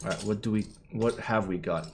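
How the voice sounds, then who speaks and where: A man's voice: lowish voice, fairly quick, slight background noise. A young man streaming a keyboard build, tired and rambling, swearing casually and muttering to himself. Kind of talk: casual live-stream chat while building. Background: keyboard clicking and typing.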